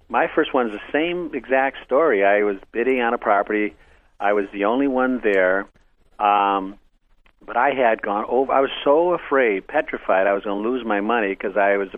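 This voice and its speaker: An older man, a real estate investor, telling animated stories in casual chat, loud when quoting people. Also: lowish voice, no echo. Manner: animated anecdotes, voices quotes loudly. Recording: tinny phone-like radio broadcast.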